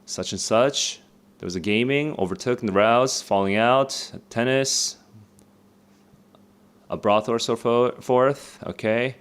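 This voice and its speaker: A man's voice: mid-range voice, unhurried, clean tone. A young man streaming a live read-along of a play, thinking aloud with many fillers and restarts.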